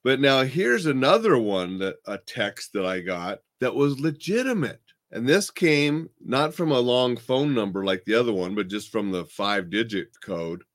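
A man's voice: medium pitch, lively intonation, moderate pace, hardly any pauses. A man hosting a casual chat, telling stories in a blunt, plainspoken way from his home desk. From Montana, United States. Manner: plainspoken, blunt, chatty storytelling. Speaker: host.

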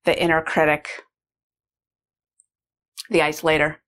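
A woman's voice: deep voice, little pitch movement, unhurried, fairly bright tone. Woman telling a candid personal story. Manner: candid, reflective, with fillers and restarts. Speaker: course participant sharing a personal story. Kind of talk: personal testimonial talk.

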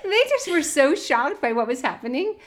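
A middle-aged woman co-hosting a podcast, telling a story in a casual, animated way and often laughing. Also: high-pitched, moderate pace. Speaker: podcast co-host.

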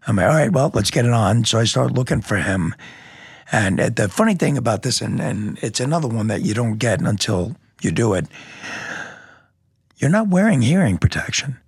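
A man with a low, gravelly voice that is deeply husky and rough, recounting events in vivid detail. He talks bluntly and throws in sound effects. The sound is dry and close on a studio mic. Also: big pitch swings, moderate pace, no echo. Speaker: police lieutenant, guest. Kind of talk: step-by-step recounting in a podcast interview.

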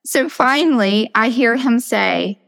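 A woman's voice: a little high, takes it slowly, gravelly. Storytelling woman host, long reverb. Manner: lively storytelling. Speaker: podcast host. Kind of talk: faith conversation.

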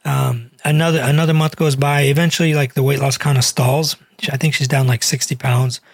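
A man's voice: medium pitch, flat delivery, brisk, creaky, husky, no room sound. A man who is a cardiologist and weight loss doctor, telling a patient story in a chatty, earnest podcast manner. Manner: earnest, chatty, many fillers.

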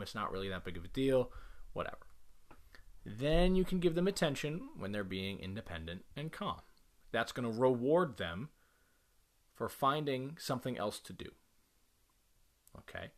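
A man who is a parent, giving direct, emphatic instructions on dog training to the camera and repeating the key points. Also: medium pitch.

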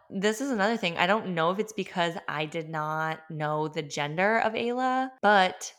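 Lower-voiced young mom sharing candidly. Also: female voice, fairly bright tone. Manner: chatty, many filler words; emotional, openly honest. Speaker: podcast host. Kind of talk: candid personal storytelling.

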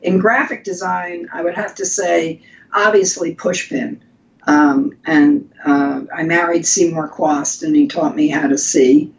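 Older woman, lowish voice, lively storytelling with restarts, lo-fi podcast audio. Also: measured pace. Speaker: guest designer. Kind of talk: conversational interview. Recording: lo-fi with faint rumble.

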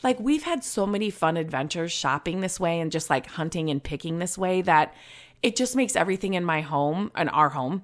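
A woman talks casually on her own show in a low, relaxed voice. She rambles, piles up fillers and restarts, and laughs easily as she goes. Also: normal speed. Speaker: podcast host. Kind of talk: casual solo chat.

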